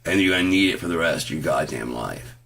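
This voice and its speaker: Angry man venting to camera in a low, rough voice, swearing nonstop. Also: animated, quick pace. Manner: heavy swearing, retelling an argument with quoted back-and-forth, rising to shouts. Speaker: vlogger ranting to camera. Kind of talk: angry profane rant.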